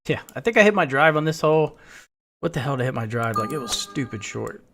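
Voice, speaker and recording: A man of ordinary pitch chats casually while he plays a game on stream. He tells long, rambling stories and swears freely along the way. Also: animated, quick pace, creaky, background noise. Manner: profane, rambling storytelling. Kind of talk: casual chat while playing.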